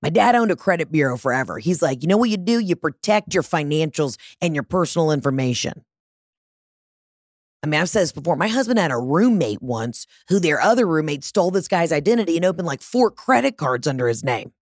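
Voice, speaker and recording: A woman hosts a podcast and tells a story casually, with lots of swearing and animated jumps in tone. Her voice sits low for a woman, and the recording is dry and close, with no room sound. She mocks herself as she goes. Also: brisk, no room sound. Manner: animated, profane, self-mocking. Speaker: podcast host.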